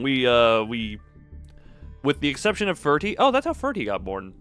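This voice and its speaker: A man's voice: medium pitch, very animated, moderate pace, fairly bright tone, soft background music. A man streaming a card game live, chatting with viewers in a wry, theatrical way. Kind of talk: live gameplay stream chat.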